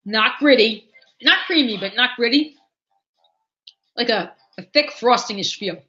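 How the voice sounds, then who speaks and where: High, bright animated woman reviewing candy. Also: a little slow. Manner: animated, exaggerated, talks to viewers. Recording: dull lo-fi livestream audio.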